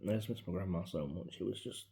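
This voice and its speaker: A man, talking casually and reflectively into his phone in a personal vlog, his voice often dropping to a soft mutter. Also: deep voice, fast, gravelly. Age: 40s. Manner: rambling, reflective, grieving, drops into soft mutters. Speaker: vlogger. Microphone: mobile phone.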